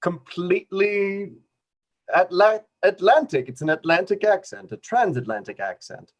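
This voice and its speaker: A haughty, old-fashioned gentleman with an affected transatlantic accent, as a man puts him on. The voice sits a little high. He talks in lofty, mannered phrases in an improvised comedy scene over a video call. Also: animated, unhurried. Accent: put-on transatlantic. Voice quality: affected, haughty upper-class delivery. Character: pompous old-fashioned male gentleman customer.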